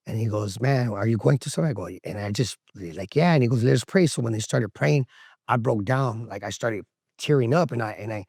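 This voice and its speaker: A man's voice: medium pitch, expressive, normal speed, creaky, darkish tone, slightly rough, no room sound, clean studio sound. A man telling a candid, emotional story to the camera, slangy and swearing, acting out the voices of people in it. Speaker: interviewee telling his recovery story. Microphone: camera interview setup.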